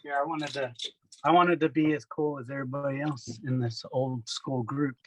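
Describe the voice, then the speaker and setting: A man's voice: medium pitch, steady tone, moderate pace, slight background noise. A man chatting on a video call, teasing the others with dry humor. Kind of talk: casual video call chat.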